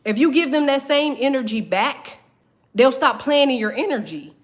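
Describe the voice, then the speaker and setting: A woman's voice: high-pitched, lively intonation, normal speed. A young woman, teaching a tarot class and talking bluntly with constant cursing. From Southern United States. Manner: blunt, heavy cursing, emphatic. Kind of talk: profane motivational talk to viewers.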